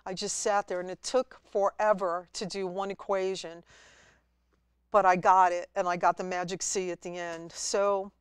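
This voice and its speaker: A woman guest at a college TV studio, telling her story in a lively way and acting out her own past words. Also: fairly low pitch, moderate pace, smooth, dry recording. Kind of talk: storytelling interview.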